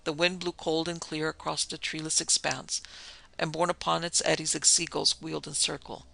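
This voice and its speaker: A man tells a pulp horror story in the first person, in a dramatic storytelling manner. His voice is very bright and gravelly and sits a little high. Faint music plays beneath. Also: flat delivery, moderate pace. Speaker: narrator.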